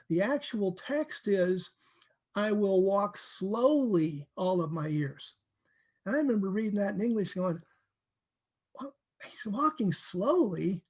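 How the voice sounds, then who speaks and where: A man teaching from the Bible in a casual, animated way, acting out verses and laughing often. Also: high-pitched.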